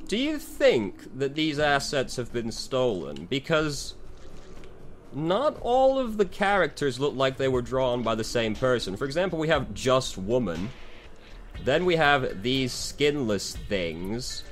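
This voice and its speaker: A man's voice: medium pitch, very animated, slow pace, soft background music. A man giving dry, sarcastic commentary over a game he dislikes, swearing freely. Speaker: game reviewer.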